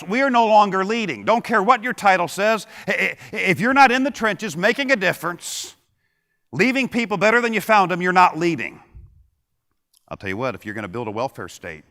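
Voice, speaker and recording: Give me a motivational keynote from a middle-aged man, punchy and quick with a joke, recorded with long hall reverb. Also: high-pitched, lively intonation, bright, forceful tone. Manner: punchy, joking, fires rhetorical questions at the audience. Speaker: keynote speaker. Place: large conference hall with audience.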